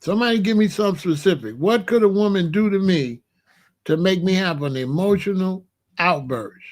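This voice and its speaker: A middle-aged man, hosting a casual livestream, blunt and animated as he asks his chat for examples. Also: high-pitched, moderate pace. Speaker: livestream host.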